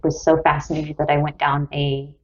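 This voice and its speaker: A woman co-hosting a podcast, reacting with quick jokes in casual chat. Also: sits low, level tone, lo-fi sound, soft background music. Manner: quippy, joking reactions. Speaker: podcast co-host.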